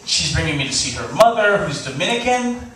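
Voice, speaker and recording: A man telling a funny personal story on stage before a live audience, animated and laughing, acting out the voices he quotes. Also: fairly high pitch, a little fast, recorded from a distance. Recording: echoey live hall recording, faint hiss.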